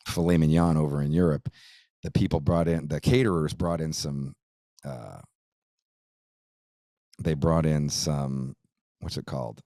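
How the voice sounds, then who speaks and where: A man's voice: very deep voice, dark tone, no echo, clean studio sound. A middle-aged man, hosting a podcast and telling a long casual story, rambling and profane, saying "dude" and "like" a lot. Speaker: podcast host.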